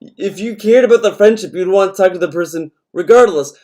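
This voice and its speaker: A man's voice: high voice, a little fast, a little mellow. A young adult man streamer ranting in casual chat, swearing often and rambling as he talks. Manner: profane, rambling rant.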